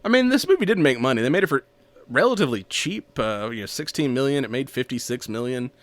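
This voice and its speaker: A man's voice: mid-range voice, animated, fast talker. A man casually recapping a movie on a podcast, rambling, laughing often and acting out the lines. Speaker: podcast co-host.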